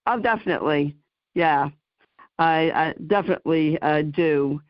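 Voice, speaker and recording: A woman with a New Jersey accent hosting a talk radio interview, halting and full of ums and you knows. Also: low voice, dry recording, highs cut off. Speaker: host.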